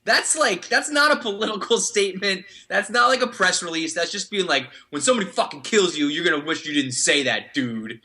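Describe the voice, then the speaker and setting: A man's voice: high-pitched, animated, fairly quick, few pauses, sharp tone. A man co-hosting a podcast, ranting about the news in emphatic, profane banter. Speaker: podcast co-host.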